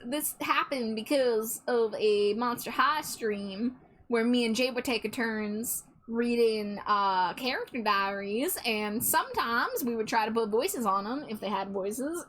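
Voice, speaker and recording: A woman's voice: a little high, animated, unhurried, a bit bright. A woman streamer chatting casually with her viewers, giggly and stammering a little. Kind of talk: casual live-stream chat.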